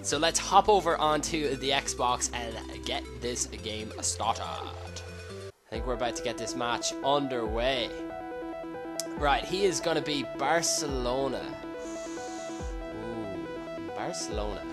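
A man hosting a gaming channel, commentating a football match live, excitable, yelling at the game and swearing. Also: mid-range voice, slow, pauses often, music in the background.

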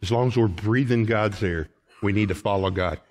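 A middle-aged man preaching a sermon in a church, folksy, calling the congregation folks, swinging from shouted lines to quiet ones. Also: lowish voice, moderate pace. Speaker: pastor. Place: church sanctuary.

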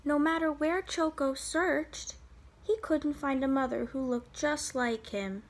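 A woman teacher reading a picture book aloud to children, in an expressive, sing-song way. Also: high-pitched, unhurried.

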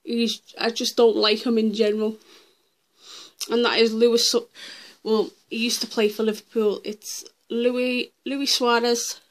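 Slow-talking, fiery woman ranting. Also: a little high, little pitch movement. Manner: blunt, heated, swears freely. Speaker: vlogger. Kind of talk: ranting countdown vlog.

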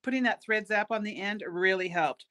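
In a mid-range, somewhat bright voice at a moderate pace, a middle-aged bead shop owner teaches a casual beading craft from her shop. She's chatty, mocking herself as she goes and laughing at her own jokes, with plenty of asides between steps.

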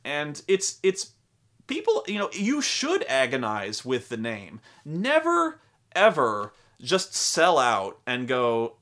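A man's voice: mid-range voice, wildly swooping pitch, slow, fairly bright tone. A young adult man hosting a casual talk about tabletop role-playing games, rambling and profane, full of acted-out quotes. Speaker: host.

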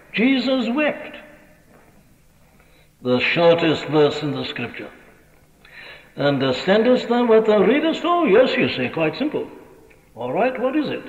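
A man with a Welsh accent preaching a sermon, questioning his congregation rhetorically. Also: a little high. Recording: old lo-fi radio recording in a reverberant hall.

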